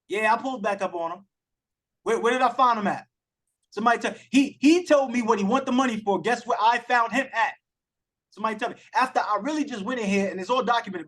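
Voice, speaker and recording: High-voiced passionate man coaching a group. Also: a bit bright. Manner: passionate, emphatic, addresses the group directly. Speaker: accountability coach hosting a group call. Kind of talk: motivational coaching talk. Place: online group call. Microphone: video call.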